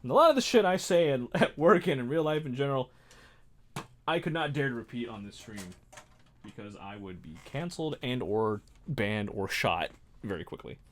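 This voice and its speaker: A man's voice: medium pitch, sing-song, normal speed. A man hosting a casual livestream while building a model kit. He rambles, mocks himself and laughs often.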